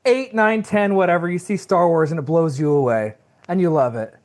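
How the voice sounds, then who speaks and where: A man's voice: fairly high pitch, a little fast, a little mellow. A man co-hosting a podcast, explaining film lore in a hesitant, stammering way. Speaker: podcast co-host. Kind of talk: casual podcast chat.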